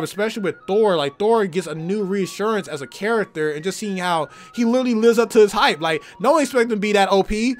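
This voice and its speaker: Hoarse young man, high enthusiastic voice. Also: a bit bright. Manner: enthusiastic, rambling, lots of fillers. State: hoarse, tired voice. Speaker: movie reviewer. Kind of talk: casual movie review vlog.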